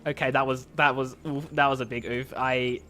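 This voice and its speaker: A man's voice: mid-range voice, level tone, a little fast, sharp tone. A man streaming a video game, giving sarcastic, rambling live commentary.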